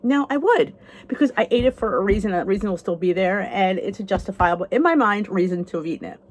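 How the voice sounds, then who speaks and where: A woman's voice: animated, quick pace. A woman in her fifties from the United States, talking candidly to the camera in a casual vlog about weight loss. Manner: candid, conversational, pitch rising on emphasis.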